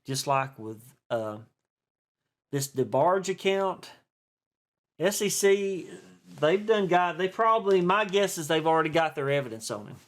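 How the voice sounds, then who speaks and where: A stock and crypto video host from East Tennessee rambles through a casual vlog monologue in a chatty, folksy style, full of fillers and restarts. His voice is fairly high and a bit bright, unhurried, with big swings in pitch.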